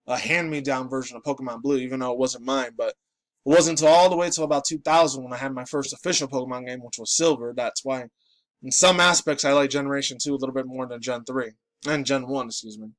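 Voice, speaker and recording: A man's voice: medium pitch, steady tone, fast, fairly bright tone, no room sound. A man in his late twenties, just woken up and groggy, ranting and rambling in a profane, casual commentary. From New York City. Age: late 20s. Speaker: pop culture vlogger.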